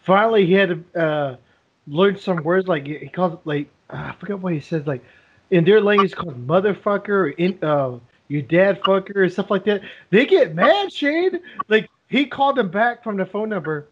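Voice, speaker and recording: A man chatting casually, retelling stories with laughs and lively acted quotes. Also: sits high, moderate pace. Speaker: podcast co-host. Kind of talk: casual chat. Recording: dull lo-fi audio.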